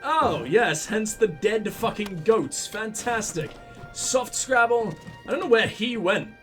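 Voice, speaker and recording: A man's voice: high voice, lively intonation, slow pace, a bit bright, soft background music. A man commentating a video game playthrough, sarcastic and profane, mocking the characters on screen. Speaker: let's play host. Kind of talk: gaming commentary.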